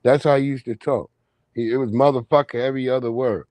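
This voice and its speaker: A man's voice: medium pitch, fairly even intonation, a little mellow, no room sound. Man telling profane stories, dry sound. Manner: profane, rambling, drawn-out storytelling. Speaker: livestream host. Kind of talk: casual storytelling monologue.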